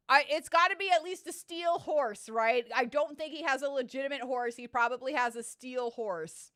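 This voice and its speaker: A young woman streaming a game, chatting casually, excitable and sarcastic, swearing freely. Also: high voice, moderate pace, hardly any pauses, no room sound, studio quality. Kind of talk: casual gaming commentary. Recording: game music underneath. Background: game music.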